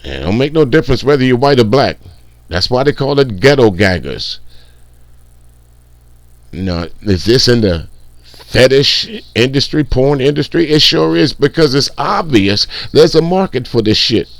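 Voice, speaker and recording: A man's voice: mid-range voice, animated, a little slow, no room sound. A man hosting casual reaction commentary, blunt, profane and mocking. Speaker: commentary channel host.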